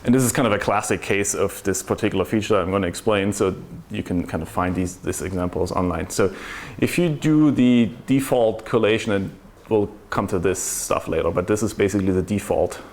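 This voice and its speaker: A man's voice: fairly low pitch, a little fast, a little mellow. A man giving a technical conference talk to a room, explaining step by step and asking rhetorical questions. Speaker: conference speaker.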